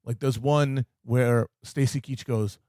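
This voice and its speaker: A man ranting sardonically in casual podcast banter, with quick asides. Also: mid-range voice, fairly even intonation, dark tone, dry recording, clean studio sound. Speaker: podcast co-host.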